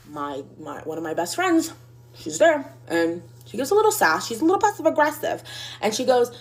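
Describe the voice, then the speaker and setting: An animated woman in her mid-twenties rambling through a storytime, leaning on fillers and quoting everyone. Her voice sits on the higher side and swings widely in pitch. The delivery is casual and chatty. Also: brisk.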